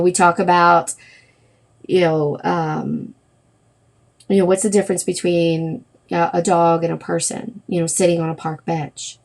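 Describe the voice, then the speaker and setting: A middle-aged woman with a fairly low voice hosts a wellness livestream. She talks casually and rambles, often stopping to correct herself and filling gaps with "um" and "you know.". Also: darkish tone. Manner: rambling, with many fillers and self-corrections. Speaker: wellness practitioner hosting a livestream.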